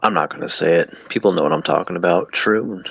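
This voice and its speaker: A man cracking sardonic, deadpan jokes in a casual livestream chat as co-host. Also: deep voice, fast talker, gravelly, dull audio, slight background noise.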